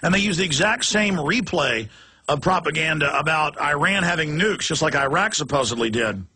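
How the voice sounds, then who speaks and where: A male talk show host delivers an impassioned, rapid-fire rant. His voice is bright, forceful and somewhat husky, pitched above average. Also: expressive. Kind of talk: heated political talk.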